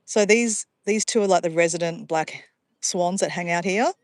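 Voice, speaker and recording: A woman's voice: on the low side, moderate pace, no room sound, studio quality. Chatty Australian woman livestreaming outdoors. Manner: chatty, easily sidetracked, addresses viewers as guys. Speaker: livestream vlogger. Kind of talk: casual livestream chat to viewers. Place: outdoors by a pond.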